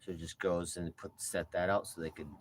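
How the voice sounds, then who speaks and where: A man vlogging casually while caring for his cat, rambling and swearing freely, then easing into soft, coaxing talk for the pet. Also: sits low, little pitch movement, fairly quick, slight background noise, rough recording.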